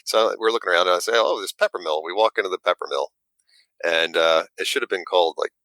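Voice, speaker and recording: A man, a guest who makes models, telling an animated story in casual chat and acting out the quotes with little stammers. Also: low-pitched, quick pace, no echo, rough recording.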